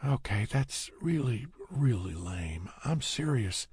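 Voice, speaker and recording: Male narrator doing a quick-witted, self-mocking young woman, teasing, in an audiobook. Raised pitch, husky. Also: very animated, darkish tone, no echo, clean studio sound, exaggerated voice. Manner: teasing, needling questions.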